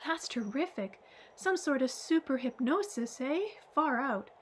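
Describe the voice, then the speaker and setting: A woman's voice: high-pitched, lively intonation, unhurried, a little hiss or hum. A woman reading the part of a curious, skeptical grown man in an audiobook, asking eager questions.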